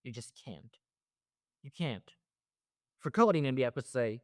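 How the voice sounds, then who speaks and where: A man's voice: mid-range voice, lively intonation, unhurried, no echo, studio quality. A man hosting a wrestling reaction show, ranting heatedly with lots of profanity and repeated phrases. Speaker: wrestling commentary host.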